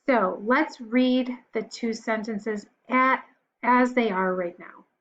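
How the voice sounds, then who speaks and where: A woman teacher giving a recorded lesson to young children, patient and encouraging, pausing for answers. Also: a little high, fairly bright tone, highs cut off, a little hiss or hum.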